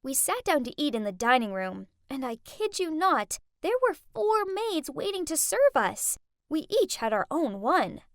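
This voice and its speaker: Young woman, storytime narrator, high and very animated, dry close mic. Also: a little slow, dry recording. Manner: lively, dramatic first-person telling.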